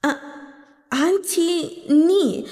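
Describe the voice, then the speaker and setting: A woman's voice: extremely high pitch, very slow, a bit bright, in a large hall, voice pushed up, exaggerated voice. A woman voicing a frightened little boy who lisps and talks through tears. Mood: tearful. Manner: tearful, lisping, stumbling words. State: crying. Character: small boy, a lisping, frightened, crying child.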